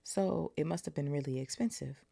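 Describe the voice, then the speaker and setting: Woman reading as an eager loud teen boy wizard from a storybook, low gravelly voice pushed up a bit. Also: normal speed, exaggerated voice. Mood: excited. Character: excitable teenage boy wizard, Ron.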